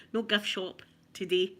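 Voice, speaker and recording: In a laid-back ASMR video, a middle-aged woman with a Scottish accent recalls amusing moments, chatty and frequently laughing as she tells her stories. Her voice is medium in pitch, bright and forceful.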